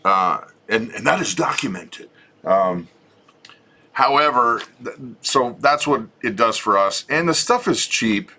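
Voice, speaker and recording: A man's voice: medium pitch, unhurried. A middle-aged man co-hosting a homesteading channel, chatting casually and jokingly with viewers. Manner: chatty, relaxed, joking, frequent restarts.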